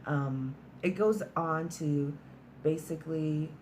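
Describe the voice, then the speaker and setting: A woman's voice: sits low, takes it slowly, a little mellow, slight background noise. A woman casually recapping a film's plot in a chatty, storytelling way, sprinkled with "like" and mild swearing. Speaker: movie reviewer.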